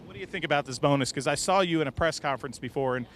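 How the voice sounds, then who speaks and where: A man hosting casual interviews in an outdoor race garage, loud and jokey. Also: a little high, a little hiss or hum. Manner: loud, jokey, quick to exclaim. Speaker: garage reporter and host.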